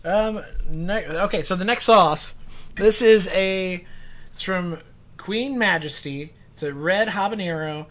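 Higher-voiced man hosting a casual chat. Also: unhurried, a bit bright.

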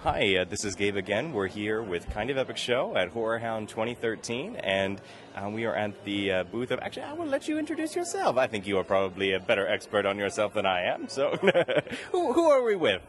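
Rambling podcast host, low voice. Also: male voice, fairly quick, slight background noise. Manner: rambling, many fillers, jumps high in pitch when excited. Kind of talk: casual podcast chat and interview. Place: convention floor booth.

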